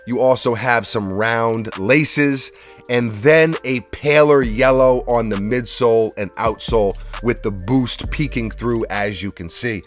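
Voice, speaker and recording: A man at an average pitch hosts a casual sneaker review vlog from his workshop. He talks in a laid-back, joking, meandering way, with faint music behind him. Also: unhurried. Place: workshop studio.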